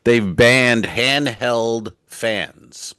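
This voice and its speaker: A man's voice: medium pitch, drawn-out words, bright, forceful tone, smooth, no echo. A middle-aged man, a stand-up comedian co-hosting a podcast, telling rambling, profane stories and acting out the people in them. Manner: rambling, profane storyteller who acts out quotes. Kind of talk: casual comedic chat. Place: cruise ship cabin.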